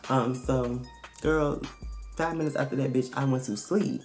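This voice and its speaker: A woman vlogger telling a storytime in a casual, blunt and profane way, animated and emphatic as she retells it. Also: very deep voice, a little slow, vocal fry, faint music behind.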